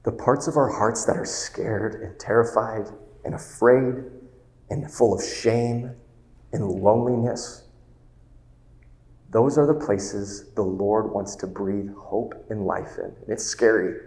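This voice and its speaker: A man's voice: lowish voice, slow pace, a little mellow. A man giving a retreat talk, earnest and preacherly, stretching key words. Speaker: retreat speaker. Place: retreat venue hall. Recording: roomy hall with long reverb.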